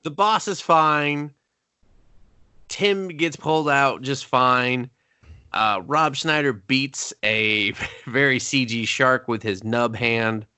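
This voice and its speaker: A man co-hosting a casual movie review podcast, talking in an animated way, swearing freely and laughing often. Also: medium pitch, slow, clean tone, no room sound. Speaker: podcast co-host.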